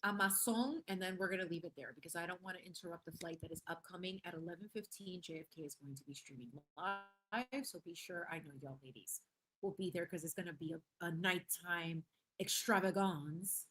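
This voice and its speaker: A woman's voice: fairly low pitch, fairly even intonation, fairly quick, a bit bright. Playful, effusive woman streamer. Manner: playful and effusive, laughing often; sprinkles in Spanish phrases. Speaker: livestream host. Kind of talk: casual livestream chat reading viewer comments.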